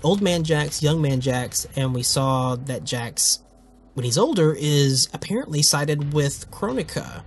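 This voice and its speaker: A man talks through a video in loose, casual commentary. He rambles, swears freely and keeps breaking off his own sentences. His voice sits a little on the high side for a man. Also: lively intonation, a little slow, soft background music. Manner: rambling, profane, self-interrupting. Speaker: host.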